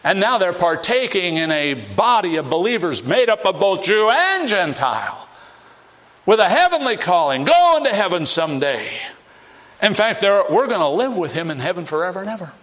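A man's voice: sits high, very animated, moderate pace, fairly bright tone. A man preaching a sermon on scripture. He repeats key phrases with emphasis and acts out the scenes he describes. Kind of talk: expository sermon.

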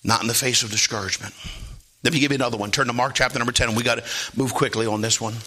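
A man preaching a sermon in a church, swinging from soft asides to shouted lines. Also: medium pitch, fairly even intonation, rapid-fire, breathy edge.

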